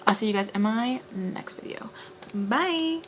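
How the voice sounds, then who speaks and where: A woman's voice: medium pitch, steady tone, normal speed, background noise. A young woman vlogger telling a dramatic storytime while doing her makeup, chatty and full of "like".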